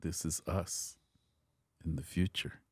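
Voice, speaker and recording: Man doing a telepathic future alien, low, hushed, calm, dry close mic. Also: slow, breathy edge, no echo, full character voice.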